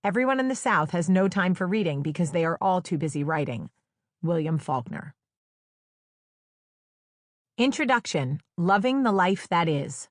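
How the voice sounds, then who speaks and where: A woman from New Jersey reads her own memoir in a wry, conversational storytelling style, slipping into playful quoted dialogue. Her voice sits somewhat low for a woman. The recording is close and dry, with no room sound. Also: expressive, moderate pace, pauses often, no room sound. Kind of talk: audiobook memoir narration. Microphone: close studio microphone.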